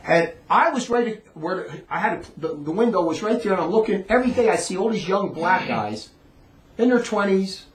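A man with a notably high voice rants through a long monologue in a rambling, emphatic way, circling back and repeating himself. The sound carries a roomy echo. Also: lively intonation, normal speed. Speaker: monologue speaker. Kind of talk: ranting monologue.

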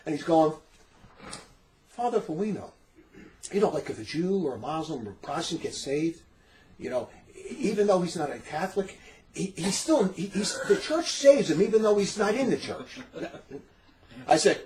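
A middle-aged man with a rather high voice tells a story in casual conversation. He is animated and laughs often. He slips into the voices of the people in his tale. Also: fairly quick, low-quality recording. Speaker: storyteller in a religious talk recording.

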